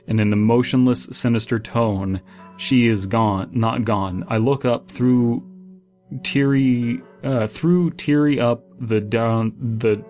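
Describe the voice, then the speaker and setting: A man's voice: mid-range voice, darkish tone. A man reading a horror story aloud and breaking off into sarcastic, exasperated commentary full of fillers. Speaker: horror story reader and critic. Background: faint background music.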